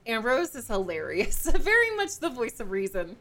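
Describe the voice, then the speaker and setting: Bright, high-voiced woman recapping a book. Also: normal speed. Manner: animated storytelling with frequent laughs and filler "like". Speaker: podcast co-host. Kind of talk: casual book-club chat.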